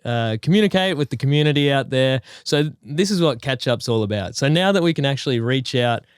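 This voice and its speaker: A man's voice: mid-range voice, expressive, brisk, clean tone, no room sound, studio quality. A young man co-hosting a podcast in casual chat, eager and full of likes and ums. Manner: enthusiastic, many fillers. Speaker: podcast co-host.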